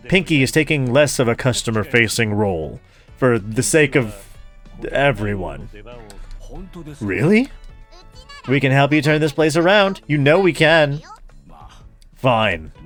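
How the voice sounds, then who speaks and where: A man's voice: medium pitch, a bit bright. A man playing through a story game, reading all the characters' lines aloud and joking about them. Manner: reads every character aloud, switching voices; jokey, laughs at the game. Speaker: gaming YouTuber. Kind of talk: let's play, voicing game dialogue.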